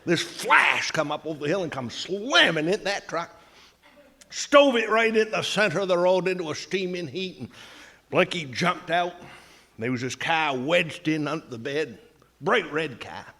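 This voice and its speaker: A man's voice: on the high side, lively intonation, measured pace, pushed and bright. A man with a Maine accent telling a comic folk story in a dry, drawling way, full of local sayings. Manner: dry, folksy, drawling delivery. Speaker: humorist storyteller.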